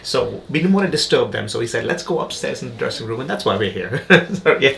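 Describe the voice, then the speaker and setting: A man hosting an interview, with a gravelly voice at an ordinary pitch. He is agreeable and quick with short affirmations, speaking in a dressing room. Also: very animated, fairly bright tone, slight background noise, rough recording. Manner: agreeable, frequent brief affirmations, laughs easily. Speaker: host interviewing a magician. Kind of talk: conversational interview.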